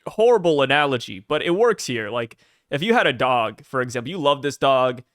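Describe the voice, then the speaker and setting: A man's voice: mid-range voice, big pitch swings, fairly quick, fairly bright tone, no echo, clean studio sound. A man co-hosting a casual comic-chapter chat, joking and laughing as he plays out silly scenarios. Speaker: podcast co-host.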